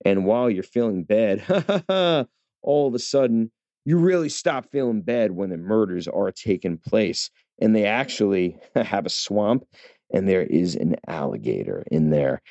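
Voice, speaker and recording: Low, mellow-voiced man reviewing a film. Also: lively intonation, a little slow, vocal fry, no room sound. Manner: chatty, with fillers and restarts. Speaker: movie reviewer. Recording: dull, lo-fi dry recording.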